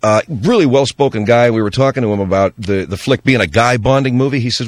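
A middle-aged man hosting a radio show, telling an animated story and slipping into voices when he quotes people. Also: mid-range voice, a little fast, no echo. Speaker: radio host. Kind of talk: storytelling monologue on talk radio.

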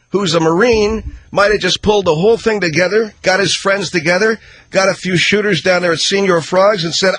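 A man's voice: high-pitched, fairly quick, a bit bright. A man hosting a radio talk show, riffing sarcastically through a comedic monologue. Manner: sarcastic, riffing, acts out skits.

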